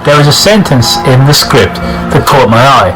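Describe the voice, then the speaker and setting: A man's voice: mid-range voice, lively intonation, normal speed, over music, poor audio. A young man hosting, reading a creepy internet story aloud with dry, joking asides. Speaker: host reading stories.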